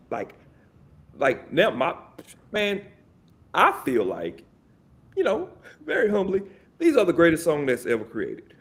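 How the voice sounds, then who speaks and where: A man talks casually as a podcast guest. He rambles, restarts himself and fills pauses often. His mid-range voice swoops a lot in pitch. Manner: animated, rambling, many fillers and restarts. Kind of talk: casual chat.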